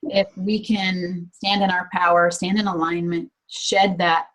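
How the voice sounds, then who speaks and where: A woman's voice: on the low side, level tone, measured pace, a bit bright, rough recording. A woman taking part in a workshop, talking in an emotional, enthusiastic way. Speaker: workshop participant. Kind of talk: casual chat.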